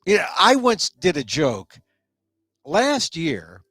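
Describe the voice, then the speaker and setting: A man's voice: sits high, huge pitch swings, slow, a bit bright, no echo, faint music behind. A man hosting a live-streamed talk show in a casual, rambling monologue, full of joking asides.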